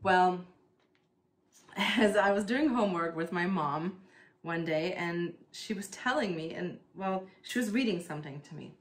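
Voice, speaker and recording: A woman's voice: lowish voice, measured pace. A woman from East Germany in her thirties, chatting casually to the camera at home while doing plant chores, with lots of fillers and laughter. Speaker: vlogger.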